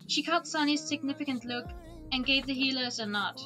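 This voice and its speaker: A woman streamer reading a book aloud in a relaxed way, dropping small casual asides. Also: sits high, brisk, soft background music. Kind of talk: storybook read-aloud.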